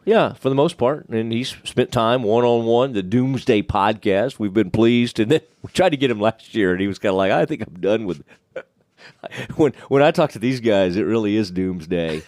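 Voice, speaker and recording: A man's voice: mid-range voice, dry recording, clean studio sound. A man hosting a casual sports podcast, talking in loose, rambling stretches that restart and trail off mid-thought. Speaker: podcast host.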